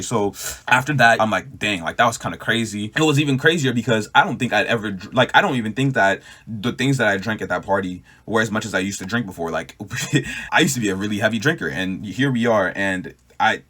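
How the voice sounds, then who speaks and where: Fast-talking young man telling his story. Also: lowish voice, fairly bright tone. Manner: rambling, fast, filler-heavy; earnest, shaken retelling. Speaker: testimony speaker. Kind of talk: personal testimony, casual storytelling.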